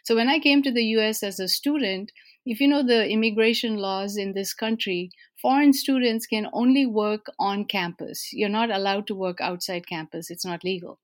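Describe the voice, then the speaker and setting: Woman, from India, interviewee, warm self-deprecating stories, frequent hesitations, middle pitch. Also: moderate pace. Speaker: interviewee, organization president. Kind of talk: conversational interview answers.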